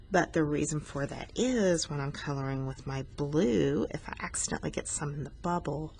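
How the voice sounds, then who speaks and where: A woman's voice: sits low, gravelly, slight background noise. A woman art teacher talking students through a coloring lesson, patient and explanatory, teasing herself now and then.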